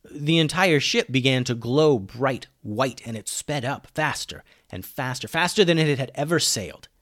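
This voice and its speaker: A man reading a children's adventure story aloud, lively, dropping low and quiet on the narration tags. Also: normal speed, no echo, studio quality.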